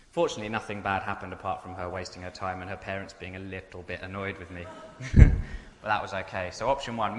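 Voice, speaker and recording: A man's voice: on the low side, fairly bright tone. A man telling humorous personal stories to an audience in a chatty, self-mocking way. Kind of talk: humorous anecdote told to an audience. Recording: echoey hall with long reverb.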